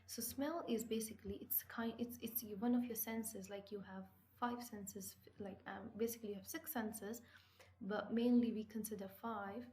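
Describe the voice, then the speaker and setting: Over a low-quality recording, a woman's high-leaning, dark voice keeps a steady tone at normal speed. She patiently explains English vocabulary slowly to a class, posing questions she answers herself and emphasizing key words.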